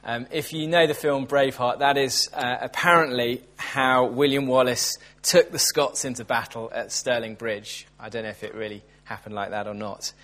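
Earnest preacher, measured delivery. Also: male voice, medium pitch, steady tone, a bit bright. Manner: measured and earnest, with thinking-aloud asides. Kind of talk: sermon with scripture reading.

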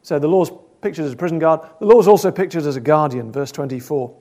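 An earnest man preaches a sermon, posing probing questions and swinging between loud and soft. His voice is on the high side, expressive and fast.

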